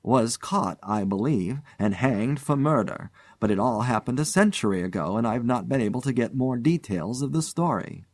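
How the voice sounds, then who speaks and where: A man voicing an excitable elderly spinster aunt. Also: mid-range voice, normal speed, few pauses, no room sound, close to an everyday voice. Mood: earnest.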